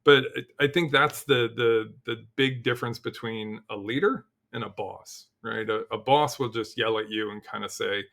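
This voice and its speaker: A middle-aged man, a guest on a podcast, telling stories in a casual, animated way, full of "like" and restarts, and acting out quotes. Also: lowish voice, normal speed, vocal fry, few pauses. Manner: animated storyteller, acts out quotes, frequent "like" and restarts. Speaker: podcast guest, cybersecurity leader. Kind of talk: casual interview chat.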